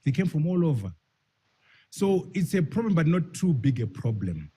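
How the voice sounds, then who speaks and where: A man's voice: a little high, sing-song, normal speed, dark tone, husky. A man giving an emphatic public speech, repeating key phrases and putting rhetorical questions to his audience. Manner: repeats key phrases, stretches words for stress. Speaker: speaker at a public forum.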